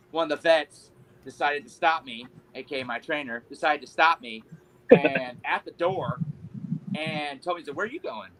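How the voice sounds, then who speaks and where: A man's voice: mid-range voice, a bit bright, a little hiss or hum, poor audio. A male pro wrestler, a guest on a podcast, telling a story casually in a rambling, sheepish, self-mocking way, full of fillers.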